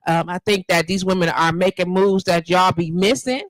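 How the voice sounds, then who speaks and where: A woman in her fifties hosts a live radio show from her home studio, chatting casually and emphatically with lots of slang into a handheld mic. Her voice is fairly low, with fairly even intonation and a moderate pace. The recording is rough, with no room sound.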